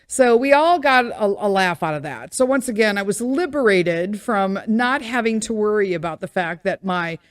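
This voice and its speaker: A woman's voice: mid-range voice, lively intonation, normal speed, hardly any pauses, no room sound, clean studio sound. A middle-aged woman hosting a podcast, telling a casual story with many fillers and acting out the voices she quotes. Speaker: podcast host.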